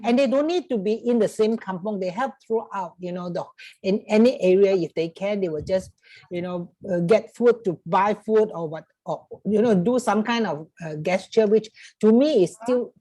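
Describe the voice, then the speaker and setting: A woman's voice: mid-range voice, normal speed, dark tone, no room sound, low-quality recording. An older woman from Singapore with a Singaporean English accent, chatting on a panel over a video call, sprinkling Singlish particles and laughing as she talks. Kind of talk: casual panel talk.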